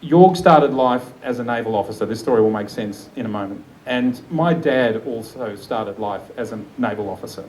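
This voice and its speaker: A man's voice: medium pitch, moderate pace, hardly any pauses, a little mellow, a little hiss or hum, poor audio. A man in his forties, a photographer, giving a chatty, enthusiastic live speech at a book launch and often laughing. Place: event room with an audience.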